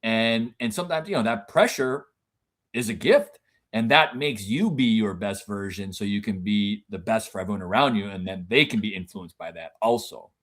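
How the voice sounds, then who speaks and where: A man co-hosting a podcast in casual conversation, animated, with his voice leaping up high whenever he acts out what someone else said. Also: normal speed. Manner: animated, jumps high when quoting others; frequent restarts and repeated words.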